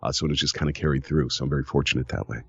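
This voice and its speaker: A man's voice: a bass voice, steady tone, racing, creaky, breathy edge, no room sound, muffled recording. A man in his fifties from Ohio, a voiceover artist chatting as an interview guest, telling stories animatedly and laughing often. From Cleveland, Ohio. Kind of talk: casual interview chat.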